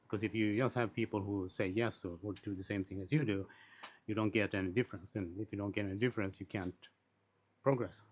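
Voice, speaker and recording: A man talking in a casual, rambling monologue, blunt and quick to swear, with frequent restarts and asides. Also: fairly low pitch, fairly even intonation. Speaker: commentator on social issues. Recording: dull lo-fi recording.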